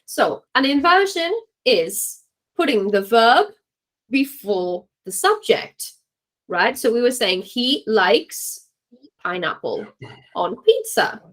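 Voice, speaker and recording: A woman's voice: on the high side, very animated, slow pace, low-quality recording. A woman teaching a class to exam students, keeping it light and encouraging and checking in with "okay?" after nearly every point. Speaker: English teacher.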